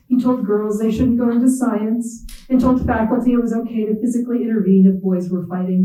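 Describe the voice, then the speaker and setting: A writer giving a measured, wry literary reading in the second person. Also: medium pitch, dark tone, echoey room, distant mic, poor audio. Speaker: visiting writer. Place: reading event hall.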